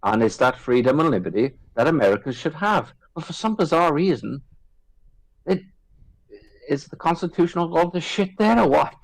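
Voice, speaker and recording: Halting, chatty man. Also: a little high, lively intonation, gravelly, rough recording. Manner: rambling, halting restarts, frequent laughs. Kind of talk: casual chat.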